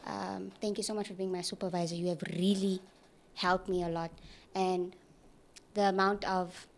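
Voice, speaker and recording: A woman's voice: lowish voice, flat delivery, normal speed. A young woman intern chatting casually in a studio, emotional and giggly, rambling with restarts. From South Africa. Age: young adult. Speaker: departing intern.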